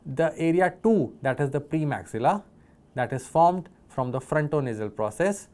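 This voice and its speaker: A man's voice: a little high, expressive, normal speed, darkish tone. Indian man giving an anatomy lecture. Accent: Indian English. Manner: explanatory, repeats key terms. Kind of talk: recorded university lecture.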